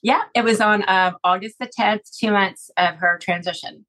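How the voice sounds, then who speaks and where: A middle-aged woman guest in an interview, retelling a personal story in a halting, emotional way with many fillers. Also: mid-range voice, fairly bright tone, rough recording. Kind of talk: conversational interview.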